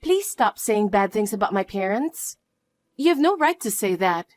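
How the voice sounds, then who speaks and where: A woman voicing a polite, patient young wife who speaks softly and apologetically. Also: mid-range voice, sing-song, normal speed, dry recording, lightly acted. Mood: pleading. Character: polite, patient young wife, a put-upon daughter-in-law. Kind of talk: dramatized story dialogue.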